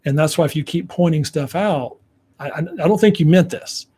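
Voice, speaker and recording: A man's voice: a little high, normal speed, warm tone, breathy edge. A man giving relationship advice to viewers, acting out what partners say to each other to explain how men hear it. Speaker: relationship coach.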